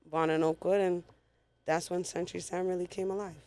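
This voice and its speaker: A woman's voice: lowish voice, brisk, slight background noise. A woman guest recounting a personal story in a casual interview, talking bluntly with a lot of swearing. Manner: blunt, profane, animated retelling.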